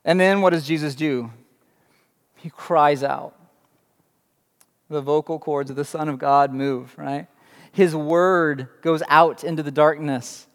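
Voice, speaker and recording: A man's voice: fairly high pitch, fairly even intonation, slow, long pauses. A young adult man preaching a sermon, telling the story dramatically with emphatic rhetorical questions. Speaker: pastor. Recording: long reverb in a large hall.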